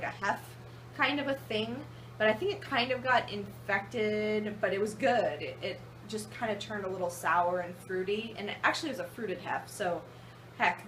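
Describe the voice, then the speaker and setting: A woman's voice: mid-range voice, fairly bright tone, slight background noise. A woman home brewer chatting casually through her brew day, rambling and joking at her own expense at home. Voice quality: chatty, rambling, self-deprecating.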